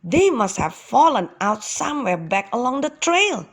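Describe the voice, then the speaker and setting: A woman doing a gentle father ox. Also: a little high, big pitch swings, normal speed, breathy edge, pitched above the performer's own voice, exaggerated voice.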